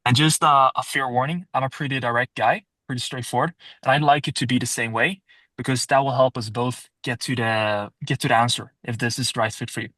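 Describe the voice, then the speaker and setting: Calm male salesman who probes and sums up what he hears, dry close mic. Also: medium pitch, fairly quick, no room sound, poor audio. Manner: calm, questioning, restates answers. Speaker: salesperson in roleplay. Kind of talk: sales call roleplay.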